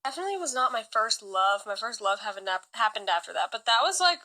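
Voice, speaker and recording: A young woman from California telling a personal story in a chatty way, full of fillers and lively quoted lines. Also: a little high, fast, poor audio. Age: young adult. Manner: chatty, many fillers, animated quoting. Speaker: singer vlogging. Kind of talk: casual storytelling to phone.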